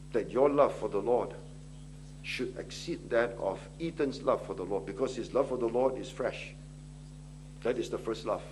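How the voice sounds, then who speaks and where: A man's voice: mid-range voice, slight background noise. A middle-aged man preaching a sermon, pressing his listeners with pleading questions. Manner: impassioned, rising to pleading questions.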